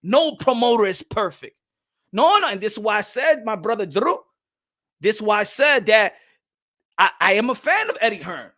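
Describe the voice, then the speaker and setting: High, bright-voiced man ranting about boxing. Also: big pitch swings, moderate pace. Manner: heated, profane, repeats himself and stumbles over words; greets chat viewers by name mid-rant. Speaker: boxing commentary host. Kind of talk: live-stream boxing rant.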